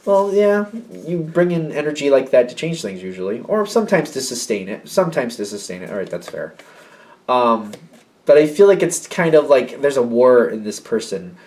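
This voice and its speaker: A man's voice: medium pitch, very animated, moderate pace, a little mellow. Rambling man giving a tarot reading. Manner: rambling and emotional, often acting out the people in the reading. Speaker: tarot reader. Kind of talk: casual intuitive tarot reading monologue. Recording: slightly distant mic with faint noise.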